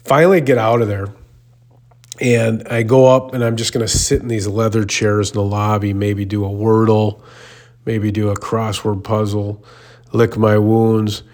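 Low-voiced man telling a rambling story. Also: flat delivery, a little slow, darkish tone. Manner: self-mocking, rambling, boxing metaphors. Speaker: radio host. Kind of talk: casual storytelling.

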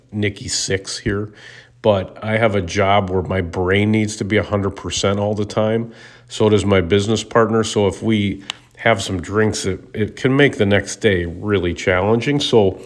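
A man from Minnesota talks through funny stories as a show host, in a voice a little lower than most. He rambles, jokes and restarts, and his pitch jumps up when he gets excited. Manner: rambling, joking storyteller with hesitant restarts. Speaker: podcast host. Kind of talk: casual monologue.

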